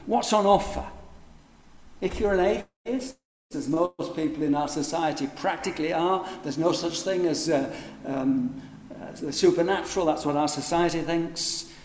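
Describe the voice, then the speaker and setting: A man preaching from the pulpit, his voice a little higher than most men's. He presses his points with rhetorical questions and slows right down on the words he wants to land. The sound rings around a roomy church with a long reverb tail. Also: slight background noise. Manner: emphatic, rhetorical questions, varies pace for stress. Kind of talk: sermon.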